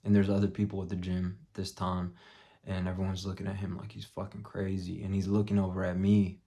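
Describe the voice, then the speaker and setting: Young guy with a deep dark voice, cursing a lot while he tells a story, pretty monotone. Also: a little fast. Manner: profane, blunt, drops to a muttered hush for quoted thoughts. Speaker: vlogger. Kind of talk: casual storytelling vlog.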